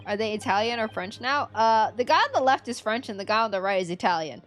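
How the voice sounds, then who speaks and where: A woman's voice: a little high, expressive, quick pace, soft background music. Giggly woman streamer. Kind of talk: live game stream chat.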